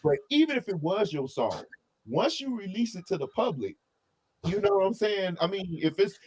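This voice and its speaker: A man co-hosting a casual album review, talking in an opinionated, animated way full of asides and restarts. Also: high voice, normal speed, breathy edge.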